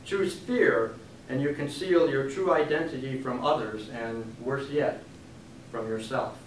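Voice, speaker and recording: A man, an author giving a book reading, telling a story in an animated way and acting out the quotes. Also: medium pitch, a little slow, a little hiss or hum. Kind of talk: storytelling talk. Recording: echoey room from a distant mic.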